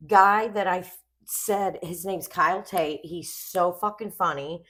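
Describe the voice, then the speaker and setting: A woman's voice: fairly low pitch, a little slow. A young woman co-hosting a podcast, rambling and swearing as she tells stories in casual chat. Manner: rambling, swears a lot, animated storytelling. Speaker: podcast co-host.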